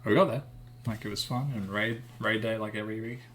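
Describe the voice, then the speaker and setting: A man's voice: fairly low pitch, fairly even intonation, quick pace, a bit bright, slight background noise. A man in casual gaming chat, laid-back and casually swearing.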